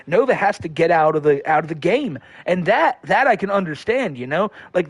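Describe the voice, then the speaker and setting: Streamer dude rambling thru chat, swears a lot, higher voice, dry sound. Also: male voice, dry recording. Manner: rambling, profane, laid-back. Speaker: livestream host. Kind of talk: casual chat reading viewer comments.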